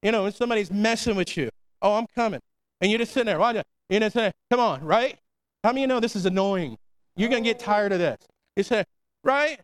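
A man's voice: high-pitched, fast. A man preaching a sermon as pastor, conversational and slangy, punctuating lines with "come on" and "amen.". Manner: preachy call-and-response, repeating "come on".

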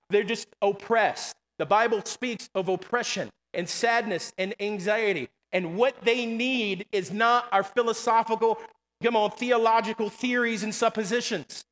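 A man's voice: sits high, fairly bright tone. A man preaching a sermon in a church, calling to the congregation with repeated "come on" and "amen". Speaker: pastor. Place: church sanctuary. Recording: long hall reverb.

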